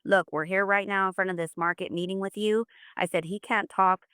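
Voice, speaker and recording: A woman's voice: medium pitch, fairly even intonation, brisk, fairly bright tone, clear, resonant tone, dry recording, clean studio sound. A middle-aged woman, a mother, telling her family's story in a podcast interview, earnest and full of faith. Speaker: guest, mother of an autistic son.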